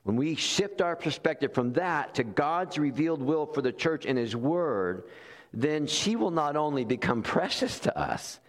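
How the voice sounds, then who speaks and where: A man's voice: on the high side, lively intonation, unhurried. A man preaching a sermon, telling stories animatedly and acting out quoted voices. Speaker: pastor. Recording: long hall reverb.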